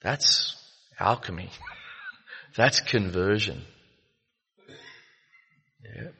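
A man with a low, deep voice tells his story at a recovery meeting, pausing often on fillers as he reflects. His words ring out with a long echo in a meeting hall. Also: vocal fry, pushed and bright, slightly rough. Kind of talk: personal share at a recovery meeting.

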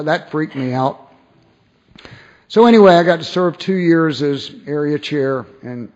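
A man tells his recovery story, acting out quoted voices, with many restarts. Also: fairly high pitch. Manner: animated, acts out quoted voices, frequent restarts. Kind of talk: personal storytelling talk. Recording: dull lo-fi recording.

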